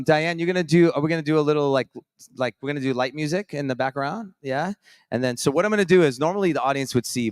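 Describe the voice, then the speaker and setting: A man's voice: mid-range voice, dry recording, clean studio sound. A man hosting a live show on a conference stage, telling stories in an upbeat, chatty, rambling way with many restarts. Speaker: host.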